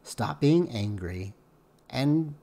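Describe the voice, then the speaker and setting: A man's voice: mid-range voice, animated, very slow, creaky, dark tone. A man co-hosting a commentary stream, blunt and sarcastic as he scolds the person under discussion. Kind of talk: critical commentary chat.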